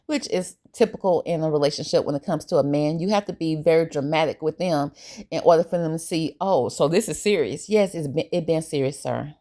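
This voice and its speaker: A woman giving a casual, opinionated recap of a reality TV episode, animated and colloquial. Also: sits low. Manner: animated, opinionated, briefly acts out quoted lines; relaxed colloquial grammar.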